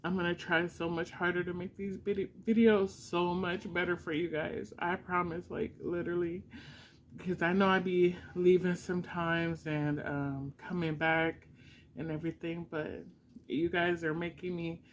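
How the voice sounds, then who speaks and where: A woman's voice: on the low side, level tone, moderate pace, a little hiss or hum, low-quality recording. A middle-aged woman vlogging an unboxing at home, gushing and emotional with frequent exclamations. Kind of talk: casual unboxing vlog.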